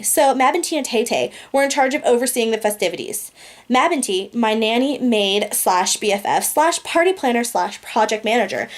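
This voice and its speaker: A young woman with a slightly high voice reads a comic novel aloud in a casual, amused way. She giggles often and drawls the swearing. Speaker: audiobook reader.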